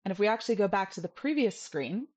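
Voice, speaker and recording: A woman teaching a video language lesson, patient and playful, repeating each sound slowly so the viewer can copy it. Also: medium pitch, lively intonation, a little mellow.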